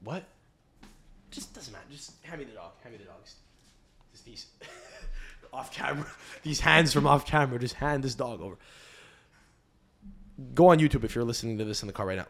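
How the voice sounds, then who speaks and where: A man's voice: lowish voice, fairly bright tone. A young man hosting a casual podcast from home, rambling and swearing a lot, laughing often between tangents. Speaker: podcast host. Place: home, family upstairs.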